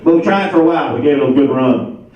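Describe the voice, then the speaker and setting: Performing live at a charity comedy show, an Ohio-born comedian in his thirties rambles through his set and works himself up into exasperated rants. He talks quickly with a fairly high pitch and lively intonation, captured in an echoey, distant, dull room recording.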